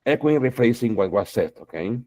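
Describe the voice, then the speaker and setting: A man's voice: mid-range voice, animated, fairly quick, mellow, no room sound. A man teaching an English class, encouraging students and saying "okay" and "exactly" again and again. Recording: dull lo-fi sound.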